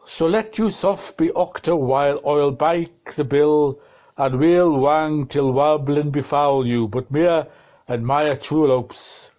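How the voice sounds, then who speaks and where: A man reading a dense novel aloud, slow and deliberate, shifting his tone for the quoted exchanges. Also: on the high side, darkish tone, lo-fi sound. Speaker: reader of a novel.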